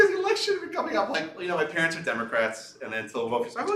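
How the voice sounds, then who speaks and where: A man, a lawyer, giving a talk and telling a story from his own cases in a lively, anecdotal way, laughing at parts of it. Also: a little high, very fast, few pauses, roomy sound, far from the mic, background noise. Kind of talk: storytelling lecture. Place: lecture room.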